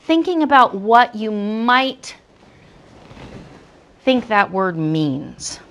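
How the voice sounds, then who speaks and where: A woman teaching a classroom lesson, talking slowly and patiently with encouraging praise. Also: medium pitch, big pitch swings, fairly bright tone. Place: school classroom.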